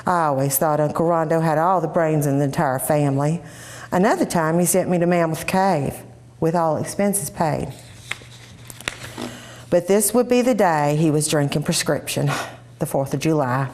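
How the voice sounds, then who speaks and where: Woman, dramatic story reading, expressive, first-person narration. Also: low-pitched, normal speed. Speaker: reader.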